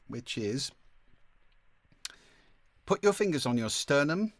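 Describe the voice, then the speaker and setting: A man teaching a masterclass on speaking, with a clear, deliberate delivery and occasional vocal demonstrations. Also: medium pitch, sing-song, no room sound. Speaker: speaking coach. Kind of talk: online masterclass lesson.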